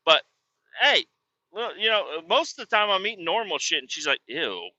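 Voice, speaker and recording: A man hosting a comedy podcast, ranting with heavy profanity and sudden bursts of shouting. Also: high voice, expressive, normal speed, no room sound. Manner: profane, erupts into shouting tirades. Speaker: podcast host. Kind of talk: comedic rant. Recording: dull lo-fi recording.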